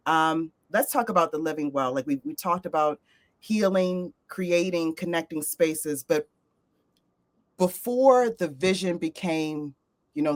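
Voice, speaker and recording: A woman's voice: sits low, a little mellow. A woman hosting a casual interview, upbeat and playful with emphatic delivery. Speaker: podcast host.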